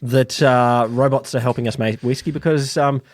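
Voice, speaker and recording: An Australian man co-hosting a science podcast, wry and teasing, quick to laugh. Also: medium pitch, fairly even intonation, slight background noise. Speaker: podcast co-host, academic. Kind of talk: casual comedic science chat.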